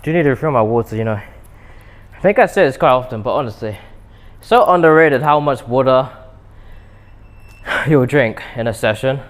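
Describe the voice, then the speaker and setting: A man's voice: medium pitch, lively intonation, moderate pace, pauses often. A young British man chatting casually to his viewers between sets in an indoor gym, rambling with self-deprecating asides. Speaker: fitness vlogger.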